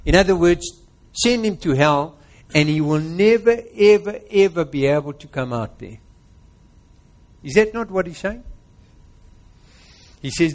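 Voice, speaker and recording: A man's voice: on the high side, lively intonation, unhurried, pauses often. A man with a South African accent preaching a sermon, quizzing his congregation and retelling a parable.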